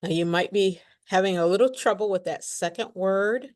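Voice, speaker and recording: A woman's voice: mid-range voice, normal speed, a little mellow. A woman teaching English pronunciation, speaking carefully and repeating words for learners to copy. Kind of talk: pronunciation lesson.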